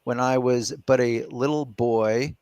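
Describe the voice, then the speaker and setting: A man's voice: medium pitch, steady tone, a little slow, darkish tone, smooth, dry recording. A middle-aged man hosting a casual live question-and-answer chat, explaining his points step by step and reasoning aloud. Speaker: podcast host.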